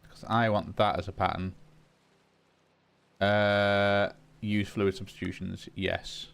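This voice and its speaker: A man hosting a relaxed gaming session, thinking aloud and chatting to the items he crafts. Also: fairly low pitch, takes it slowly, gravelly, smooth, soft background music. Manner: muses aloud, talks to game items. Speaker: gaming channel host. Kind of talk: casual gameplay commentary.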